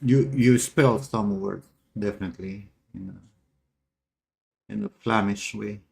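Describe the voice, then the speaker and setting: Low gravelly dude ribbing his buddy on stream, dry humor. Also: steady tone, measured pace, darkish tone. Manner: teasing, dry banter. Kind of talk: casual stream chat.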